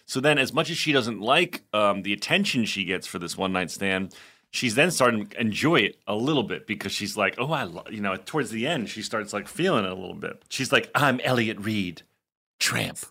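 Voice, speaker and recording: A man co-hosting a podcast, teasing his co-host and retelling scenes in a profane, animated way. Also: lowish voice, brisk. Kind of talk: casual rewatch chat.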